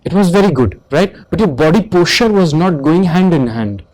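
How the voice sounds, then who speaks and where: A man with an Indian English accent, speaking in a somewhat high voice, gives a candidate feedback after a mock interview. He is instructive and keeps checking that he has been understood. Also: animated, moderate pace, a little mellow, low-quality recording. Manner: instructive, repeatedly asks "Do you understand that?". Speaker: interview board member giving feedback.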